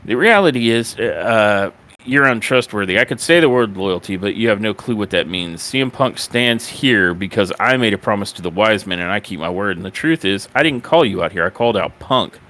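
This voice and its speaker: A commanding male wrestling champion speaks in a stern, measured way, put on by a man retelling the scene. His voice sits fairly low. He lays out each line deliberately. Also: expressive, pushed and bright.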